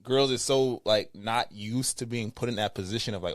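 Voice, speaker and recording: A man in casual podcast chat who is animated, laughs often and acts out little scenes. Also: medium pitch, normal speed, dry recording, studio quality.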